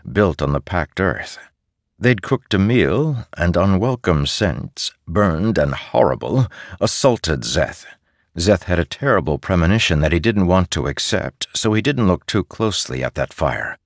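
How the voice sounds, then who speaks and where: A man narrating a story as an audiobook in an expressive reading style. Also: low voice, no room sound, studio quality.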